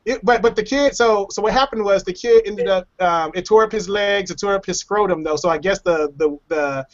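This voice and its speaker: A man hosting a casual web hangout, telling animated stories and repeating his words as he goes. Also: high-pitched, a little fast, highs cut off. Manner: animated storyteller who acts out quotes and repeats words. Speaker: show host. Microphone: webcam or computer mic on a video call.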